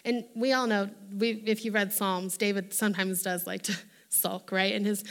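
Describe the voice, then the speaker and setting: A woman preaching a sermon in an animated way, acting out the voices she quotes. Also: medium pitch, moderate pace.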